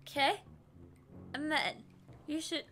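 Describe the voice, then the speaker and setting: A young woman streaming a video game, loudly and excitedly giving her partner step-by-step instructions and laughing often. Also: high-pitched, slow pace, music in the background. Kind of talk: casual gameplay chat.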